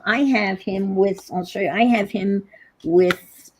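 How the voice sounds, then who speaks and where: A woman's voice: medium pitch, fairly even intonation, takes it slowly, a little hiss or hum, rough recording. A woman with a New York accent hosting a casual crafting livestream, rambling and trailing off as she searches for words.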